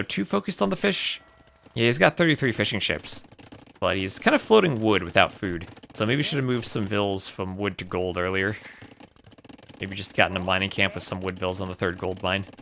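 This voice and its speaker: A man with a low, gravelly, bright voice casts a strategy game tournament live, his pitch bouncing around a lot as he talks. He is chatty and thanks viewers between plays. Faint noise sits under the recording. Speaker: tournament host and caster. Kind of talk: live-streamed esports commentary.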